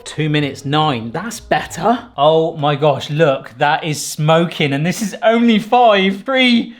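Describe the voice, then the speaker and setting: A man's voice: on the high side, takes it slowly, faint music behind. A middle-aged man, talking casually and self-mockingly while testing a toaster in his vlog. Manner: chatty and self-mocking, with excited outbursts. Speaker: video host reviewing a toaster.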